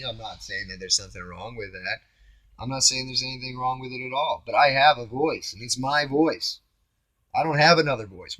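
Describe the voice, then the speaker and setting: A man rambling through a spiritual self-reflection, musing aloud, with his voice shifting between loud and hushed. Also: mid-range voice. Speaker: vlogger. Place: home on Maui.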